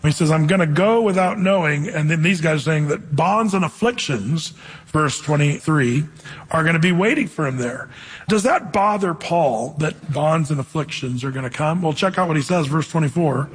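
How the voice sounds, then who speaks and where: A man preaching a conversational sermon, slowing down to read scripture and acting out quotes. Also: on the high side, slightly rough, in a large hall. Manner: conversational, reads scripture slowly, acts out quotes. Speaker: pastor.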